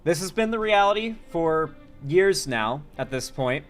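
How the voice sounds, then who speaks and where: A man's voice: fairly high pitch, lively intonation, measured pace, soft background music. A man doing casual livestream commentary, reading chat messages and swearing freely. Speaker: streamer and political commentator.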